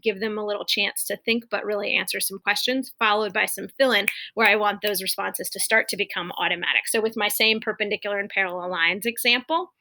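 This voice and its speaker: Bright-voiced woman modeling teaching cues. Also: mid-range voice. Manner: clear, exaggerated call-and-response cues to imagined students. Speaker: teacher coach modeling classroom techniques. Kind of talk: instructional demonstration.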